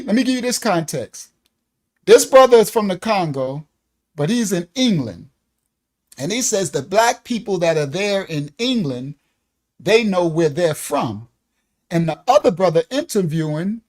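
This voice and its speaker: A man hosting a live stream, giving casual reaction commentary, animated and laughing often as he talks. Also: high-pitched, unhurried.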